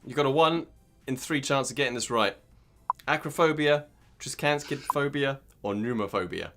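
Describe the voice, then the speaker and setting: A man's voice: mid-range voice, normal speed, fairly bright tone, faint music behind. A British man hosting an online pub quiz, upbeat and teasing as he reads out questions and viewers' answers. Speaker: quiz host.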